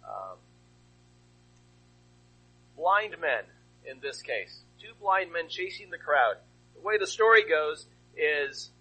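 A male pastor delivers a sermon in a high, bright voice with a husky grain. His pitch swings widely as he retells the story and fires off rhetorical questions. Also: rough recording.

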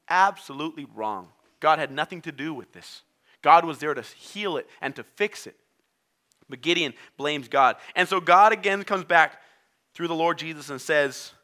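A non-native English-speaking man preaching a sermon, telling the story in an animated way and acting out its characters. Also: on the high side, moderate pace. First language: not English.

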